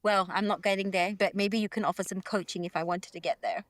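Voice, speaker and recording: A woman's voice: mid-range voice, fairly even intonation, fast, no echo, clean studio sound. A woman from East London with a British accent, hosting a casual podcast interview and asking questions in a friendly, curious way. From East London, England. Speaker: podcast host.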